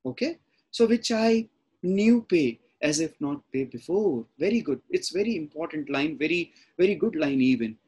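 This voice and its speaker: Breathy Indian English lecturer explaining poetry. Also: male voice, on the high side, lively intonation, moderate pace, a little mellow. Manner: repetitive, explanatory, paraphrasing line by line. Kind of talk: classroom lecture explaining a sonnet.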